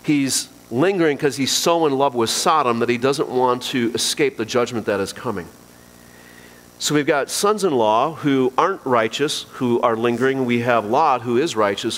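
In a mid-range voice at a moderate pace, a man preaches to his congregation as their pastor. His delivery is earnest and emphatic, repeating key phrases and addressing listeners directly, with long hall reverb around him.

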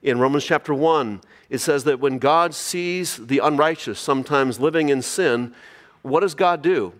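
A man's voice: a little high, a little slow, long reverb tail. A man preaching a sermon, reading scripture aloud and asking the congregation rhetorical questions. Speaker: pastor.

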